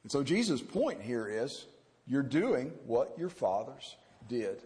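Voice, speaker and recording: A man preaching an expository sermon, animated and acting out the people he quotes. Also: mid-range voice, slow. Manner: animated, acts out quoted characters. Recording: reverberant hall.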